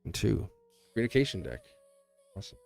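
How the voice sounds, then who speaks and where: A man's voice: fairly low pitch, sing-song, a little fast, gravelly, a little mellow. A man hosting a tarot livestream in a rambling, casual way, chuckling often and restarting his sentences. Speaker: tarot reader and livestream host. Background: faint music.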